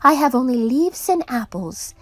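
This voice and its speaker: A woman's voice: sits high, sing-song, normal speed, no echo. A woman voicing a tender, giving apple tree. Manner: soft, tender, sometimes whispering. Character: gentle self-giving female apple tree.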